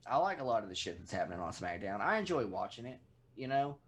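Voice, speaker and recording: A man's voice: on the low side, quick pace. A Texan man co-hosting a podcast, ranting in casual chat and swearing freely. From Texas. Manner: profane, animated rants. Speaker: podcast co-host.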